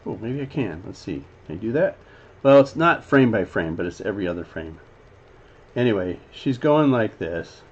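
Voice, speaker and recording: A man casually breaking down an animated scene as a teacher, rambling with lots of fillers and now and then voicing the characters' lines. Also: on the low side, normal speed, slightly rough. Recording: slightly dull lo-fi audio with faint background noise.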